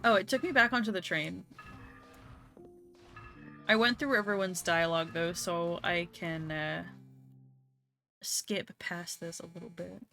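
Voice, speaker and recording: A woman's voice: fairly low pitch, a little slow, long pauses, sharp tone, soft background music. A young woman streaming a game, chatting casually with her audience, swearing freely and laughing often. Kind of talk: casual let's-play chat.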